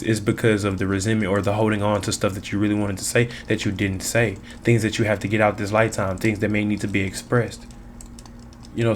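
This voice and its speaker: Male tarot reader, lowish voice, emphatic and repetitive, casual street slang. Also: slight background noise. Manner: preachy, emphatic, repeats phrases, slangy.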